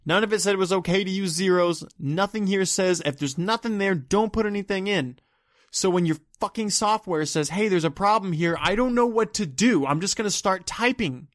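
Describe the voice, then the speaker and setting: Guy ranting on his vlog, kinda high voice, annoyed and rambly, cusses a lot. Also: normal speed. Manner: exasperated, rambling, swears often. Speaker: vlogger.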